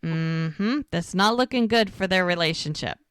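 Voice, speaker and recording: A woman co-hosting a podcast, casually recapping a TV episode and acting out the characters' lines in an animated way. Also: fairly low pitch, normal speed, clear, resonant tone, no room sound, clean studio sound. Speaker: podcast co-host.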